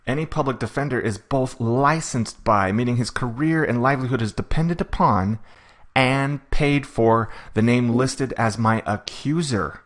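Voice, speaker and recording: A man with a mid-range voice recaps a court coaching session, talking fast and admitting he's rushing. In quick asides, he acts out lines from both the judge and the defendant.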